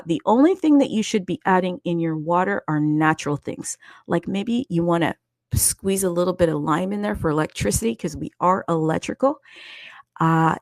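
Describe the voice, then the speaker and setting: A woman's voice: fairly low pitch, dry recording. A woman hosting a casual crypto show, chatty and playful, with singsong greetings and plenty of asides. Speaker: host.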